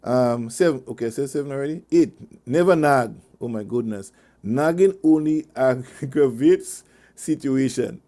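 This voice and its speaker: Male radio host, mid-pitched, rambling anecdotal advice, chuckles often, repeats himself. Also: normal speed, mellow. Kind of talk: casual advice talk. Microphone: online meeting call.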